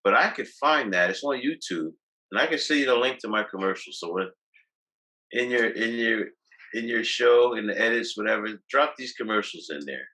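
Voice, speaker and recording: A man's voice: mid-range voice, expressive, normal speed, bright, forceful tone, poor audio. A man telling loose, boastful stories as a guest on a video call, restarting his sentences often. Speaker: guest, cannabis activist. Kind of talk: casual interview talk.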